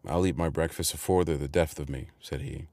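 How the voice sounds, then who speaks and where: A man reading the part of a gruff, suspicious convict with rough country speech. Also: rumbling low, a little fast, darkish tone, no echo. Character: gruff hunted male convict, suspicious and ravenous.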